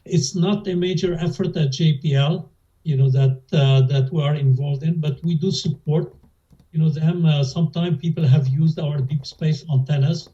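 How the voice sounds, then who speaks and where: A man's voice: a little high, fairly even intonation, moderate pace, dark tone. An older man, answering oral history interview questions hesitantly, with many fillers and restarts. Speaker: interviewee, former lab director. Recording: dull lo-fi audio.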